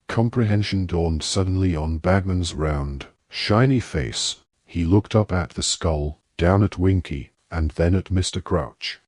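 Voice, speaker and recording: A man narrating an audiobook in measured storytelling. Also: low voice, darkish tone, no echo, clean studio sound.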